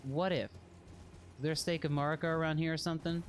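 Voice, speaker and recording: A man's voice: fairly high pitch, fairly even intonation, fairly quick, a little hiss or hum. A man casually chatting while streaming a video game, rambling and joking at his own expense. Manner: rambling, self-deprecating, jokey. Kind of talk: casual gameplay chat.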